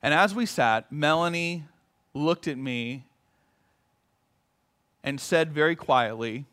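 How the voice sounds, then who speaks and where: Male pastor preaching, high bright voice, earnest with long pauses. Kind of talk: sermon.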